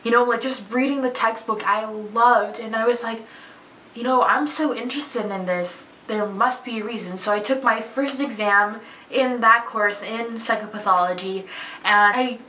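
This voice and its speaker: Young woman vlogger, bright, candid storyteller, slightly distant mic in a roomy space. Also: fairly high pitch, normal speed, slight background noise. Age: young adult. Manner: chatty, candid, expressive. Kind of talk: casual storytelling to camera. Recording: echoey room, voice a bit far from mic.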